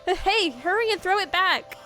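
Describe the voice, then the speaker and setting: A woman voicing a friendly adult dog owner in a park who calls out brightly in a raised voice. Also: extremely high pitch, expressive, measured pace, soft background music, pitched above the performer's own voice, full character voice. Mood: urgent.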